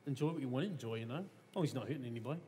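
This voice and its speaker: A man's voice: mid-range voice, lively intonation, rapid-fire, warm tone. A man with a New Zealand accent speaks on a panel in an emphatic, casual way. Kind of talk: panel discussion. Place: museum hall. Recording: reverberant hall, faint hiss.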